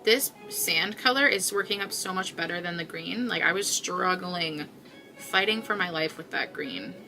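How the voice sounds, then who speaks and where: A woman's voice: fairly low pitch, moderate pace, pushed and bright, soft background music. A woman hosting a crochet livestream, chatting casually with viewers in a rambling way with many fillers, tired and yawning. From Canada.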